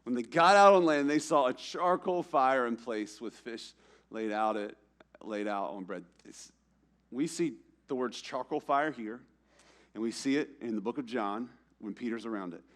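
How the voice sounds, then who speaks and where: A young man preaching a sermon in a church, casual and conversational, acting out quotes with slang and swinging between loud emphatic lines and hushed ones. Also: mid-range voice, moderate pace. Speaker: pastor.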